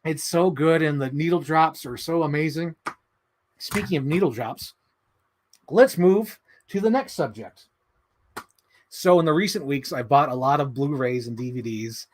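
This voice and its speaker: A young man hosting a casual livestream, excitable and quick to laugh, swearing as he talks about movies. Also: on the high side. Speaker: livestream host.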